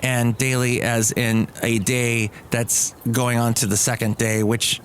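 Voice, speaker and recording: A man's voice: mid-range voice, little pitch movement, a little slow, a little hiss or hum. A man hosting his own daily podcast, rambling and joking through his complaints. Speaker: podcast host. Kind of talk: casual solo podcast monologue.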